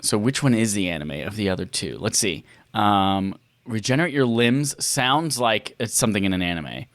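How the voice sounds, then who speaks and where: A man's voice: lowish voice, expressive, normal speed, no room sound. A man co-hosting a podcast who plays a quiz, thinking aloud in a jokey, casual way. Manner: thinks aloud, jokey, puts on mock voices. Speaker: podcast co-host playing a quiz.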